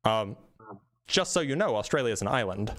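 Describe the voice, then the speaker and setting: A man hosting a live debate stream, talking casually and quickly, often restarting his sentences in a self-deprecating way. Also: mid-range voice, expressive, fairly bright tone.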